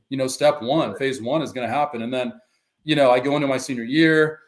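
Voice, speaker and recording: A middle-aged man telling his own story on a podcast, acting out quoted dialogue with animated shifts. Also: medium pitch, a little fast. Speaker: guest, former pro football player and life coach.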